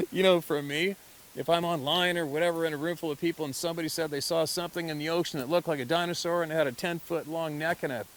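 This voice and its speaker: A man, a hunter, talking in a casual monologue, animated and laughing often as he acts out other people's reactions. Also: a little high. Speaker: hunter telling encounter stories.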